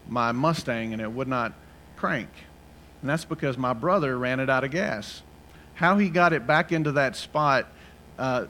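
A man's voice: mid-range voice, bright, forceful tone. A middle-aged man preaching a sermon as pastor, telling a personal story in a conversational way and asking the congregation for amens.

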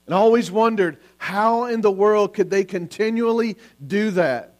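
A man with a notably high voice delivers a Sunday sermon. He speaks with earnest urgency, stacking question upon question and now and then stumbling and restarting a word. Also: normal speed, hardly any pauses. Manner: earnest preaching with repeated questions, sometimes restarting words. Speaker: pastor.

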